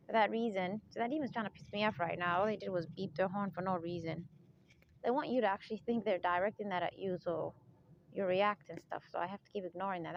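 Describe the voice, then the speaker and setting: A woman's voice: mid-range voice, a little hiss or hum. Emphatic woman rambling in lo-fi audio. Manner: emphatic, rambling, keeps checking in with "right?" and "okay?"; forceful, insistent tone. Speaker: vlogger. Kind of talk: casual spoken monologue. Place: outdoors. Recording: dull lo-fi recording.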